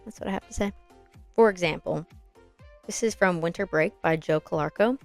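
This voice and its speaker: A woman's voice: lowish voice, normal speed, faint music behind. A young adult woman hosting a podcast and teaching auditions, explaining in a friendly, encouraging way with worked examples. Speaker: podcast host and acting coach. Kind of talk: casual instructional podcast talk.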